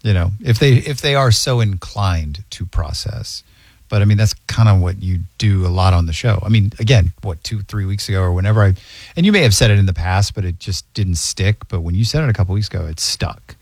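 Co-host, male, low voice, earnest and open, dry close sound. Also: animated, fairly quick, a little mellow, no echo. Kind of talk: casual conversation.

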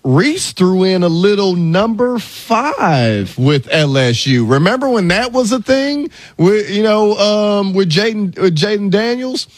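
A man co-hosting a sports radio show, talking in an animated, enthusiastic way. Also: high-pitched, measured pace, few pauses, dry recording. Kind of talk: casual sports radio talk.

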